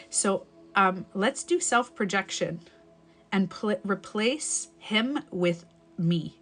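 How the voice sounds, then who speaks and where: A woman's voice: medium pitch, expressive, slow pace, fairly bright tone, soft background music. A woman coaching viewers on a live stream, talking casually and repeating her points to encourage them. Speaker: breakup and self-love coach.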